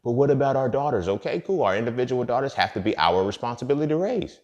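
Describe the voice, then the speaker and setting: A man hosting a podcast and speaking a casual monologue, blunt and profane, repeating his points. He swings from loud emphatic outbursts to quiet muttered asides. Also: mid-range voice, lively intonation, quick pace, highs cut off. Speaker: podcast host.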